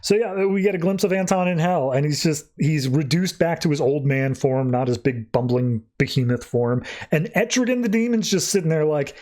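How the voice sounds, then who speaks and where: A man's voice: fairly high pitch, moderate pace, hardly any pauses. A man hosting a podcast, recapping a comic in a casual, irreverent way and acting out the dialogue. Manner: animated, irreverent, acts out dialogue. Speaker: podcast host.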